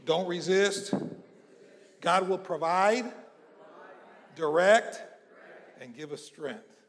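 A man from South Mississippi, preaching a sermon and leading the congregation in call-and-response, moving between hushed prayer and shouting. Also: high-pitched, expressive, drawn-out words. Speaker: pastor. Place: church hall. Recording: long church-hall reverb.

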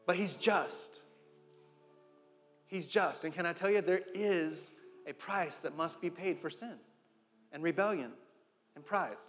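A preacher with a high voice delivers an impassioned sermon, swinging from loud declarations to hushed near-whispers. He often repeats and restarts words as he builds. His voice rings with long reverb over faint music. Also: unhurried, pauses often.

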